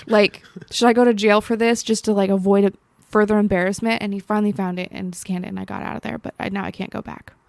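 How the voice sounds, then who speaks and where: A young woman co-host who talks at a medium pitch and tells stories with animated, self-mocking flair. The sound is dry and close, with no room echo. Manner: animated, self-deprecating storytelling. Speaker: podcast co-host. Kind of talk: casual chat and anecdote. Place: library recording room.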